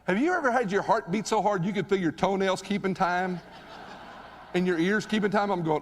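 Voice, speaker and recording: A man giving a live motivational speech on stage, telling a story in an animated, conversational way and asking the audience questions. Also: sits high, fairly quick. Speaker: motivational keynote speaker. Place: stage in a large hall. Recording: reverberant hall recording.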